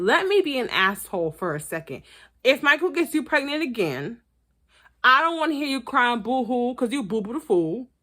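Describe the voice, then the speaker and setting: A woman giving blunt, profane, animated commentary as she reviews a reality TV episode. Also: on the high side. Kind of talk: casual commentary vlog.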